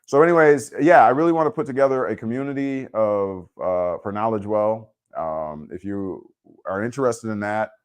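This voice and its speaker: A man's voice: fairly low pitch, moderate pace, clear, resonant tone. A man hosting a casual livestream, chatting laid-back and informally with viewers, answering their comments and using plenty of fillers. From Wisconsin. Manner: informal speech with frequent fillers. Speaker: livestream host.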